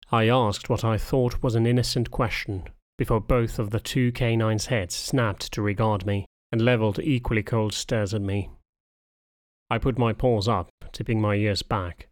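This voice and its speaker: A man narrating a first-person audiobook in a measured, wry storytelling manner. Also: lowish voice, steady tone, no echo, studio quality.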